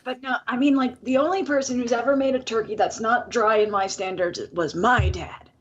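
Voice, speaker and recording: A woman with a slightly high voice chats casually as a podcast co-host. She is blunt, swears freely and jokes about herself. Her mic sounds dull and lo-fi. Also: steady tone, a little fast, a little hiss or hum. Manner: blunt, swears freely, wry self-deprecating humor. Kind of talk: casual chat.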